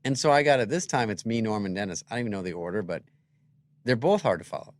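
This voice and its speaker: A man's voice: on the low side, animated, fast. A man who is a guest comedian, telling rambling, self-interrupting anecdotes in casual chat.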